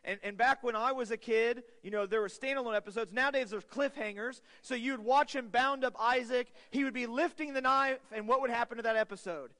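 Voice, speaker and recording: A male pastor preaching a sermon with an earnest manner, rising to loud, urgent peaks and then dropping to quiet stretches. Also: extremely high pitch, brisk, hardly any pauses. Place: church sanctuary. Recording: long hall reverb.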